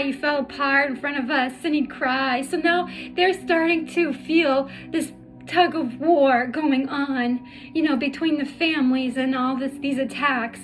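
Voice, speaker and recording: A woman with a high voice shares a painful personal story, her words stumbling and restarting as tears come through. She sounds middle-aged, and faint music plays quietly behind her. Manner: halting, emotional, many restarts. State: tearful. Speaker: spiritual healer telling her life story.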